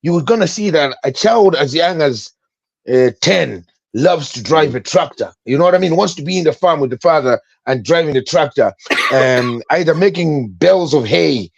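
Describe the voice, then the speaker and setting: A man talking on a podcast panel in an animated, repetitive way. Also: fairly high pitch, normal speed, creaky, lo-fi sound. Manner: animated, repeats himself when excited. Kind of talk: casual podcast chat.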